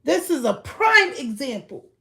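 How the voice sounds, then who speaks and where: Ranting woman livestreamer, high voice. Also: big pitch swings, a little slow, vocal fry. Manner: ranting, keeps asking "you feel me", swings between loud outbursts and low mutters. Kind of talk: casual livestream rant.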